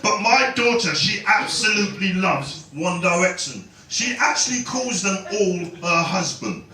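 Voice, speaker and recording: A man's voice: high-pitched, sing-song, a little slow, sharp tone, distant mic. A man doing a stand-up comedy set, chatting and bantering with the crowd. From London. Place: comedy club stage. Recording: roomy live club sound with crowd. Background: audience laughing and clapping.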